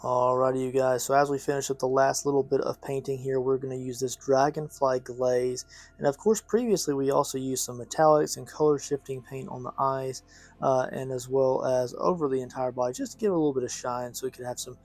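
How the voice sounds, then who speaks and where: A man hosting an art studio video, reading a picture book aloud in a gentle, measured way and chatting to viewers while he paints. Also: medium pitch, steady tone, faint music behind. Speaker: art studio host and father.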